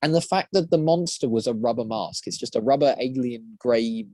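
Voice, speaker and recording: A man's voice: medium pitch, moderate pace, dry recording. Rambling man in a dry close recording. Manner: rambling, many restarts, lively. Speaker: guest, voice actor and prop maker. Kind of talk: casual podcast chat.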